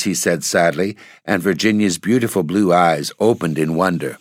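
A man narrating a classic storybook in a steady, measured way. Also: low-pitched, dry recording, clean studio sound. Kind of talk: storybook reading.

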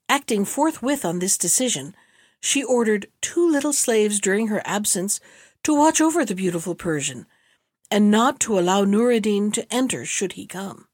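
A woman narrating an audiobook of an old tale in a measured, steady way. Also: mid-range voice, dry recording, studio quality. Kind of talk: audiobook reading.

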